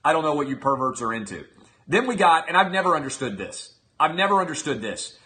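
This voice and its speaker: A man's voice: fairly high pitch, very animated, quick pace, sharp tone. A middle-aged man hosting a show, delivering a mocking, incredulous comedic rant to his audience. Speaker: show host. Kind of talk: comedic monologue.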